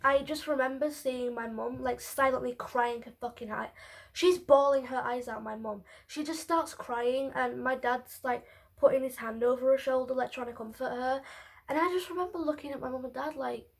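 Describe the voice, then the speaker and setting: High-voiced woman sharing her story. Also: steady tone, normal speed, creaky. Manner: candid and emotional, casual swearing. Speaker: vlogger. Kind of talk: personal storytelling to camera.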